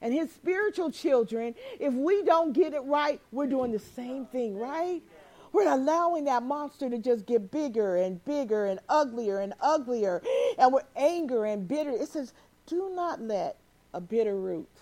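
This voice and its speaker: High-pitched lady preaching, animated, laughs and does little voices. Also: measured pace. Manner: animated, acts out quoted voices, laughs often. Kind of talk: sermon.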